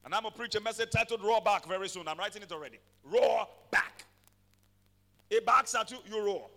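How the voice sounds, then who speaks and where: A man preaching a sermon, swinging from quiet passages to shouted declarations and calling for amens. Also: sits high, a little fast, big-room sound. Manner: calls for amens from the congregation. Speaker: pastor.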